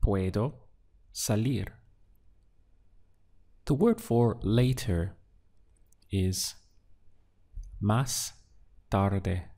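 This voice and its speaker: Man, language teacher, slow deliberate delivery, gravelly, lowish voice. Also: mellow. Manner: patient prompts, then clear model answers.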